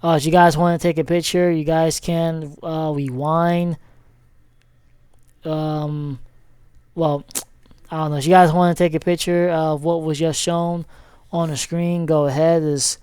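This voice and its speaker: A man's voice: fairly high pitch, level tone, unhurried, long pauses, a little mellow, clean tone, no echo. A man giving a casual, rambling sports recap as he clicks through a screen, with many fillers and self-corrections. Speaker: sports vlogger.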